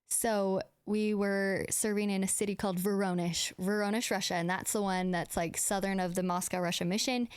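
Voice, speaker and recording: A woman's voice: medium pitch, clear, resonant tone, dry recording, clean studio sound. A young woman hosting a podcast, telling stories in a casual, chatty way with lots of "like" and acted-out dialogue. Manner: chatty, full of "like" and quoted dialogue. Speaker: podcast host. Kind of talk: casual storytelling chat.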